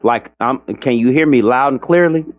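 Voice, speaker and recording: A man hosting a casual panel chat, insistent and explaining things with drawn-out words. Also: mid-range voice, no room sound. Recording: dull lo-fi sound.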